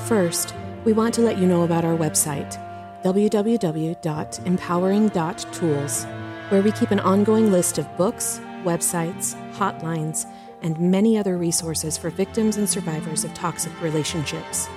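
A woman's voice: fairly low pitch, normal speed. A female podcast co-host reading an earnest, scripted outro announcement. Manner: calm and earnest. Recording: music bed underneath.

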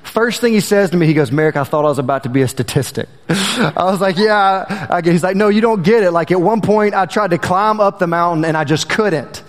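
A man's voice: high-pitched, brisk, long reverb tail. A male preacher telling a personal story in a folksy way, calling the congregation y'all, then moving into a sermon.

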